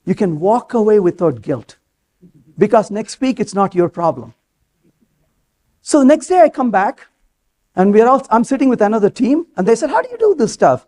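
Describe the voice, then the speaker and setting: A man's voice: sits high, normal speed, long pauses. A man giving a live conference talk on stage, telling stories animatedly and acting out the dialogue. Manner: animated storytelling, acts out quoted dialogue. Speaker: conference speaker.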